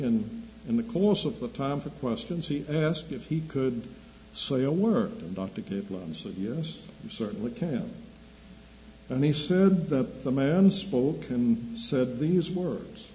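An older man preaching a sermon, telling anecdotes slowly and deliberately with dry humor. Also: medium pitch, dark tone. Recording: dull lo-fi recording with faint hum.

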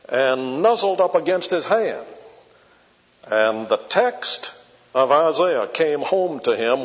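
A man preaching an expository sermon, reading scripture aloud in King James wording and explaining it at a measured pace. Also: medium pitch. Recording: dull lo-fi recording in a reverberant hall.

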